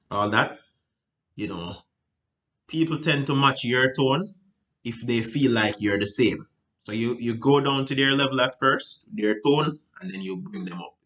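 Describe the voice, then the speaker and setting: A man giving a casual sales training talk, looping back with "right?" and restarting sentences, and acting out client exchanges with sudden high and low voices. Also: fairly bright tone. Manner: loose, repetitive, frequent "right?" and restarts; acts out client dialogue with big pitch jumps.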